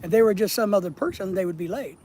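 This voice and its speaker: A man's voice: high voice, quick pace, darkish tone, slight background noise, poor audio. A man hosting a casual live stream outdoors at night, reading viewer comments aloud and teasing them in a blunt, profane, joking way.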